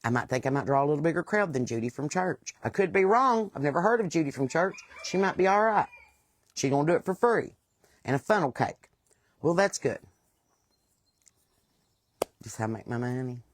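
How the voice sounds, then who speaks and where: A woman's voice: low voice, expressive, a little fast, long pauses, slight background noise. Blunt West Virginian woman. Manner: blunt, plain-spoken and aggravated. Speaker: host. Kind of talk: casual monologue.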